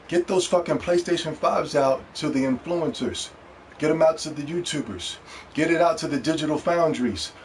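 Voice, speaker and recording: A man ranting in a heated, profane, mocking way in vlog commentary about video games. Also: on the high side. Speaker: gaming commentator. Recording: distant mic with faint background noise.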